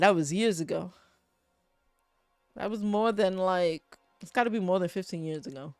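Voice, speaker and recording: A woman with a New York accent chats through a game in a dry, close-sounding room, blunt and loose with her swearing. Her voice sits at a middling pitch, and soft music plays faintly underneath. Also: normal speed, dry recording. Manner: chatty, blunt, swears freely, reads game text aloud. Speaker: gaming streamer. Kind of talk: casual let's-play commentary.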